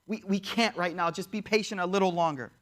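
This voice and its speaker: A man voicing a calm, patient male leader who gently reassures and urges patience. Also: sits high, a little fast. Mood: calm reassuring.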